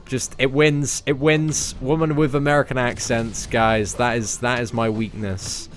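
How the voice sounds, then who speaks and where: A man's voice: medium pitch, little pitch movement, a little slow. A young English man streaming a mobile game, chatting casually and answering viewers' questions. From England. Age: young adult. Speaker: game streamer reading chat. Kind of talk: casual livestream chat.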